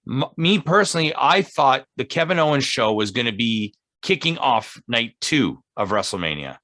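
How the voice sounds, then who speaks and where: Man, casual podcast co-host, agreeable rambling recaps, bright tone, dry sound. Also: medium pitch, sing-song, no room sound. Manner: agreeable, lots of quick yeahs, rambling recaps. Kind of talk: casual wrestling review chat.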